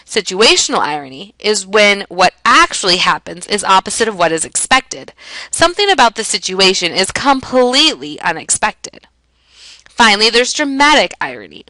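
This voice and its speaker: A woman teacher explaining a lesson in a clear, emphatic way, asking and answering her own questions. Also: mid-range voice, sing-song, normal speed, sharp tone, dry recording, rough recording. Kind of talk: classroom lesson narration.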